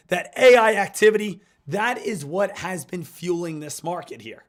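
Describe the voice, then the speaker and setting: A hoarse man, getting over an illness, giving hyped, repetitive live market commentary as a stock trading streamer. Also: high-pitched, a bit bright.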